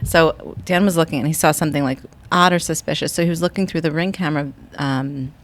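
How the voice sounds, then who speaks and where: A woman's voice: low-pitched, quick pace. A forty-year-old woman co-hosting a podcast, chatting casually with lots of filler words. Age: 40s. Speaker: podcast co-host. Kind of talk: casual chat.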